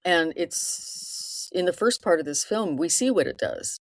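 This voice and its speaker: A woman's voice: fairly low pitch, lively intonation, a little slow, dry recording. A woman co-hosting a podcast, discussing a film earnestly and murmuring agreement while her co-host talks.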